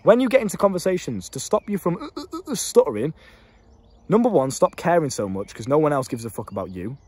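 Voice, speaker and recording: A man's voice: on the high side, sing-song, fairly quick, darkish tone, breathy edge. A young man giving blunt dating advice straight to camera, swearing freely and laughing at himself. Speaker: dating coach. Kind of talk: casual advice monologue to camera.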